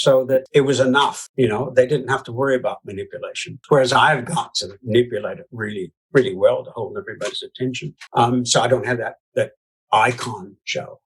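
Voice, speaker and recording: A man's voice: mid-range voice, fairly bright tone, breathy edge, rough recording. A man from the United States, a puppeteer guest, chatting in an interview and telling stories with lots of asides and laughter. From United States (Iowa). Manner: chatty, laughs often, many "you know" asides. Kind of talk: casual storytelling interview.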